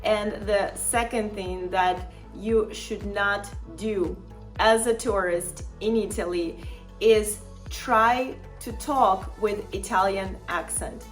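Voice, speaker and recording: A woman's voice: mid-range voice, slow pace, soft background music. A woman travel vlogger giving friendly tips straight to her viewers, chatty and encouraging with frequent little laughs. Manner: chatty and encouraging, addresses viewers as "fabulous people", laughs often. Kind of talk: upbeat tips vlog to camera.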